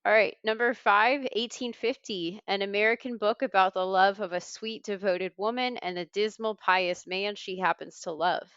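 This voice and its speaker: A woman's voice: medium pitch, steady tone, moderate pace, few pauses, fairly bright tone, clean tone, dry recording, lo-fi sound. A woman hosting a trivia podcast, reading clues with a wry tone. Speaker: quiz host.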